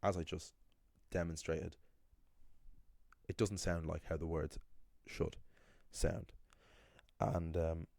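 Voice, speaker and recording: Guy with a really low mellow voice going off about pronunciation mistakes, dry close sound. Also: flat delivery, slow pace, gravelly, no echo. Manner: emphatic, critical, with frequent restarts. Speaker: Irish language teacher. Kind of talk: explaining pronunciation to learners.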